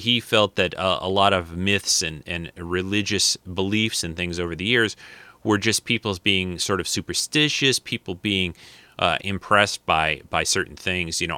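Deep, bright-toned man rambling on a podcast. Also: no room sound. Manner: rambling, with many fillers and restarts. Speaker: podcast host. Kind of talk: casual spoken commentary.

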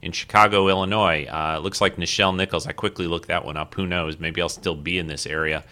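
Here a man with a deep, bright voice runs a solo podcast, his tone steady and forceful. He speaks quickly and casually, rambling along with fillers and frequent restarts.

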